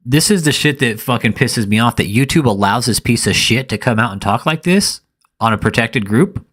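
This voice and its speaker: A man's voice: medium pitch, lively intonation, moderate pace, a bit bright. A man giving live reaction commentary in an angry, profane rant.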